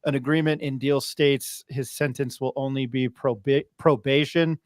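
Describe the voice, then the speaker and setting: A man's voice: mid-range voice, steady tone, moderate pace, dry recording, studio quality. A man hosting a sports talk show in a casual, joking, self-deprecating way. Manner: joking, self-deprecating, laughs between lines. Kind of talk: casual chat.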